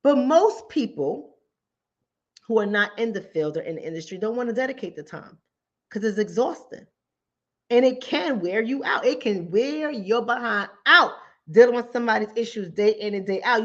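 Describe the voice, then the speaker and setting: Emphatic high-voiced woman, lo-fi sound. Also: lively intonation, moderate pace. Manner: emphatic and repetitive, drives points home with repeated phrases; informal speech, acts out callers and her own replies. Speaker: mental health talk show host. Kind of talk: conversational commentary. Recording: dull lo-fi recording.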